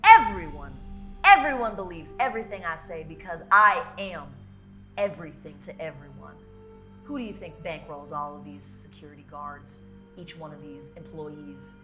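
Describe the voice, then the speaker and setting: A man's voice: on the high side, moderate pace, music in the background, natural voice. A woman voicing a menacing, arrogant man who sneers and talks down with contempt. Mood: sneering.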